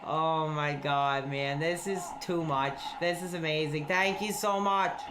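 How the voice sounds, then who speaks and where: Excitable man streaming a game. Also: a little high, a little slow, heavy background noise. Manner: excitable, loud outbursts, rambling. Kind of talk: excited gameplay commentary.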